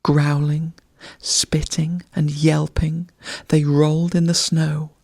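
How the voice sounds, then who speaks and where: A narrator reads a bedtime story slowly in a soft, half-whispered voice. The tone is gravelly and husky, and the recording is dry and close. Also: mid-range voice, level tone, dry recording. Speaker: audiobook narrator.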